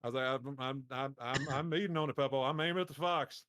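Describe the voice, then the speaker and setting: A man from Mississippi, telling a profane, animated story on a casual podcast. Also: medium pitch, fast, no echo, clean studio sound. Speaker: podcast co-host.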